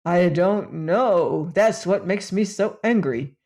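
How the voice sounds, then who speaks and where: A woman's voice: on the low side, slow, darkish tone. A woman voicing a boastful but harmless male beast in an audiobook, proud and easily offended. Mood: earnest. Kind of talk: audiobook character voice.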